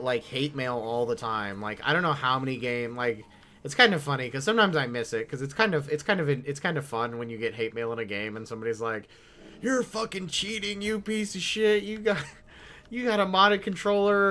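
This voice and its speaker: A man streaming a game, telling rambling stories and quoting others in a raised voice, swearing freely. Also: mid-range voice. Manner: rambling, animated storytelling with mimicked quotes. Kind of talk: casual gaming stream chat.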